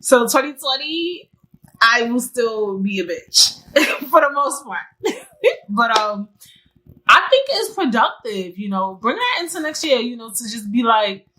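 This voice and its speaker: A woman's voice: a little high, sing-song, unhurried, pushed and bright, slight background noise, poor audio. A young adult woman hosting a solo podcast, talking candidly in slangy casual chat and often laughing. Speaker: podcast host.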